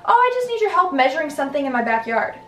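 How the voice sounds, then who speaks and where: A creepy grown man pleads in a wheedling, insistent tone, as a young woman quotes him. The voice sits fairly high. It comes from back in an echoey room. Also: sing-song, very fast, sharp tone, soft background music, exaggerated voice. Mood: coaxing. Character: pushy creepy adult man coaxing a girl. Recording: roomy, distant mic.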